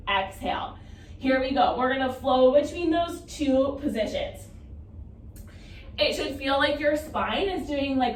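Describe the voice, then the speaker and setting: A woman in her thirties teaching a Pilates class, counting reps and cueing breaths in an encouraging way. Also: sits high. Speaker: Pilates instructor. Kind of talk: guided exercise class cueing. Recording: roomy, distant mic with faint noise.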